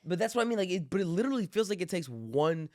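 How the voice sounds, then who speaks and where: Animated storytelling dad, dry close sound. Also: male voice, sits high, fast talker, no echo. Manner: animated storyteller, acts out quotes with swearing. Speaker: podcast co-host, father. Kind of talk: casual chat.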